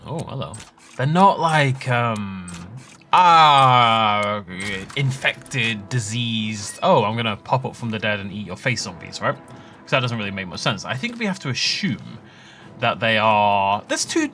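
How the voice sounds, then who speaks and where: Lively, bright-voiced man narrating gameplay. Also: medium pitch. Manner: chatty, rambling asides with laughs. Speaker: let's play host. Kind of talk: casual gameplay commentary.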